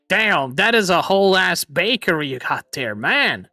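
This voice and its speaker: Excitable man with a put-on British lilt. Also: a little high, normal speed, no room sound, studio quality, soft background music. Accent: imitation British. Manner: excitable, swears, laughs often. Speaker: streamer host. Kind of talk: casual livestream chat. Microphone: boom arm microphone.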